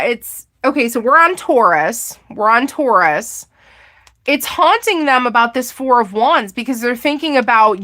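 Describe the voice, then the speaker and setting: A woman's voice: fairly high pitch, pushed and bright. A woman giving a casual live tarot reading, chatty and giggly, exclaiming often as she talks. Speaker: tarot reader.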